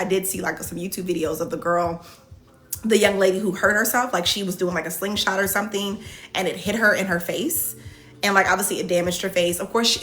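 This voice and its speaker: A woman's voice: mid-range voice, fairly bright tone. A woman hosting a casual livestream Q&A, chatting loosely with lots of "like" fillers and answering viewer comments as they come in. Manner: frequent "like" fillers and restarts. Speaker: reality show contestant hosting a live Q&A.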